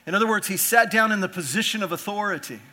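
A man preaching a sermon as pastor, reading scripture and swelling to emphatic peaks before dropping soft again. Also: high voice, fast talker.

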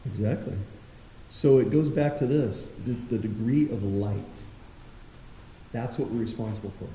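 Male pastor, very dark mellow tone, conversational sermon, echoey church with faint hiss. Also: mid-range voice, moderate pace. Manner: conversational preaching with rhetorical questions. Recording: roomy hall echo, faint noise.

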